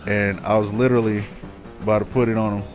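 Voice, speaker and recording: A man's voice: lowish voice, little pitch movement, fast, soft background music. A man casually telling a long story over gameplay, cursing freely, rambling and growing heated as he rants. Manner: profane, rambling, gets heated while ranting. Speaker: gaming commentator.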